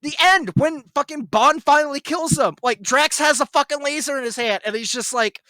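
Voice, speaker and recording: Excitable high-voiced man, bright and dry. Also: moderate pace, dry recording. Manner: excitable, swears a lot, laughs often. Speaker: podcast co-host. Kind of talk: casual podcast review chat.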